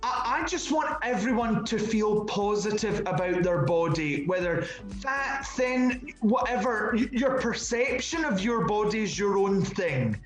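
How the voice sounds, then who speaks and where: A Scottish man with a notably high voice talks in a lively, tumbling way, stumbling over and repeating his words as he answers. The sound is roomy and echoey, with faint music playing underneath. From Scotland. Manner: animated and chatty, with quick restarts and repeated words. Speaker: interview guest, drag performer. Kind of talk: casual interview chat.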